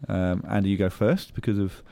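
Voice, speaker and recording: A man's voice: deep voice, steady tone, fairly quick, gravelly, dark tone, no room sound. A man hosting a comedy podcast, quizzing his guests in a playful, teasing way. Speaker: podcast host.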